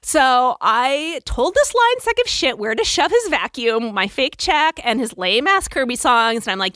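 Brief: lively woman storyteller, high-ish and very expressive, acts out every line. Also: moderate pace, hardly any pauses, no echo, clean studio sound. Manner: animated, acts out dialogue, swears freely. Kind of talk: casual personal storytelling.

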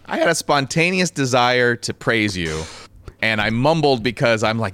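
A man's voice: mid-range voice, expressive, moderate pace, pushed and bright, a little hiss or hum. A man co-hosting a podcast, talking sheepishly and laughing at himself. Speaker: podcast co-host. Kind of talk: casual chat.

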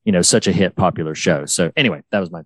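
A man's voice: deep voice, racing, no echo. A man co-hosting a podcast in casual chat, enthusiastically retelling favorite lines from a series. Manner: enthusiastic, quotes lines from the show. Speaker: podcast co-host.

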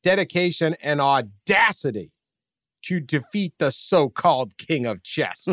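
Podcast co-host, male, lively up-and-down storytelling delivery, slightly raised pitch, dry close sound. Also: a little slow, no echo. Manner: animated storyteller, gets louder and higher when excited. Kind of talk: casual chat.

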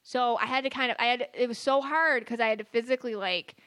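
A woman co-host with a somewhat high voice chats and tells stories in a lively, easygoing way. She laughs often as she talks. The sound is dry and close, with little room around it. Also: fast, dry recording. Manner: chatty, animated, laughs often. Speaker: psychic podcast co-host. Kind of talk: casual chat and storytelling.

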